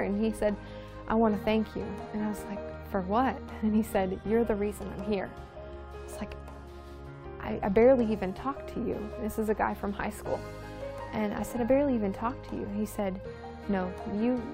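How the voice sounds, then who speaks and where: A woman telling a personal testimony about a dream, in a soft, halting way with many pauses and fillers. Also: medium pitch. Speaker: guest sharing a dream.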